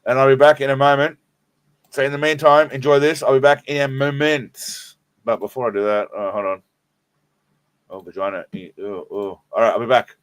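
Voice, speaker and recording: A man's voice: mid-range voice, fairly even intonation, fairly quick, no room sound. Stoned Australian man rambling on stream. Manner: rambling, profane, laid-back. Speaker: live stream host. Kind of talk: casual live stream chat.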